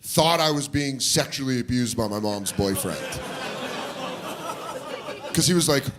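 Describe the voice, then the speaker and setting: A man with a medium-pitched voice performs stand-up at a measured pace, telling a story and animatedly voicing the people in it. The live comedy club recording has crowd noise and audience laughter.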